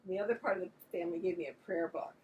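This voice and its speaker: A woman's voice: on the low side, fairly even intonation, racing, a little mellow. An older woman co-hosting a casual chat, telling rambling, self-deprecating family stories. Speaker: podcast co-host. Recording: distant mic with faint background noise.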